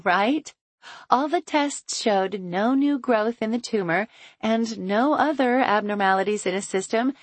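A chirpy young mother bursting with happy news, as a woman reading an audiobook puts her on. Her voice sits high and lifts brightly. It is recorded close and dry. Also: dry recording. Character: cheerful young mother sharing good news.

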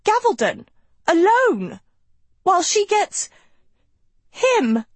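A woman reading an audiobook, voicing a dramatic teenage girl who hisses and then shrieks in a high, loud voice. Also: measured pace, breathy edge, no room sound. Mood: hysterical.

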